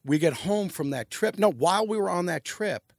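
Recorded in a studio without echo, a middle-aged New York man with a high voice speaks at a moderate pace. As a podcast guest, he rambles through lively, foul-mouthed anecdotes in easygoing chat.

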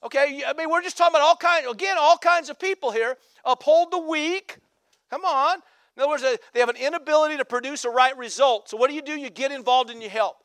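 A male pastor preaching a sermon, peppering his talk with "amen" and "come on" and rising to shouted emphasis. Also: extremely high pitch, fairly quick, no room sound, clean studio sound. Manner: call-and-response exhortations, repeated "amen" and "come on".

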